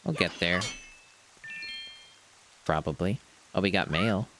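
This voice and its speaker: A man's voice: sits low, expressive, takes it slowly, background noise. A man streaming a video game, musing aloud in a rambling, casual let's-play commentary.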